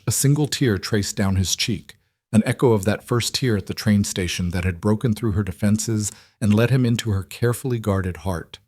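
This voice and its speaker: A man narrating a scripted western romance story in a measured, gentle way. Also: fairly low pitch, no echo, studio quality.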